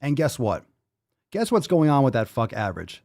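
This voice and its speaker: A man's voice: mid-range voice, big pitch swings, normal speed, gravelly, a little mellow. A man hosting a live-stream podcast, reading viewer comments aloud in a profane, hyped-up, sarcastic way. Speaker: podcast host.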